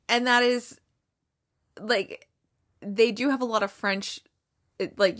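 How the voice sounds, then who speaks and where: A woman's voice: mid-range voice, fairly bright tone. A woman hosting a movie review show, chatting casually in a rambling, sarcastic way with lots of fillers. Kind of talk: casual chat.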